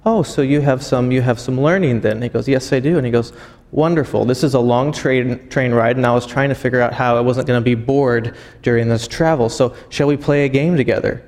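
A man preaching a sermon. He tells a long story, halting and often repeating words as he goes. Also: mid-range voice, fairly even intonation, a little mellow. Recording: long hall reverb.

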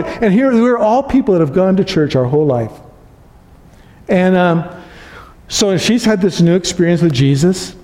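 A pastor preaching a sermon, telling stories earnestly and building to emphatic peaks. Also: male voice, high-pitched, animated, measured pace, mellow. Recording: long reverb of a large hall.

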